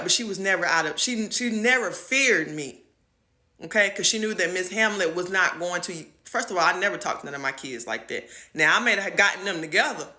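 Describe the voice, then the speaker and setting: A woman's voice: medium pitch, sharp tone. A woman who works as a teacher, telling a personal story to the camera in an emphatic, chatty way and often checking in with the listener. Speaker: school teacher. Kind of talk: storytime vlog.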